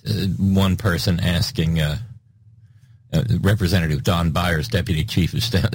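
A man's voice: sits low, steady tone, moderate pace, breathy edge. A man hosting a talk show, giving casual, sardonic political commentary and reading listener messages in a rambling way. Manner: sardonic, rambling, with frequent filler restarts.

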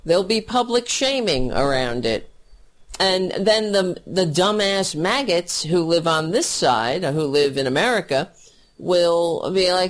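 A man's voice: high-pitched, expressive, a little slow, a bit bright. A man ranting at length about politics, angry, mocking and profane, as a solo commentator.

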